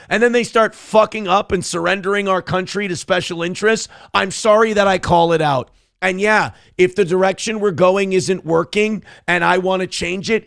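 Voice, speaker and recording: A young man hosting a live show, reading donation messages and ranting with heavy swearing in fast, heated bursts. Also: high voice, vocal fry, a bit bright, no echo, clean studio sound. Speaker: livestream show host. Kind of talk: profane political rant and chat reading.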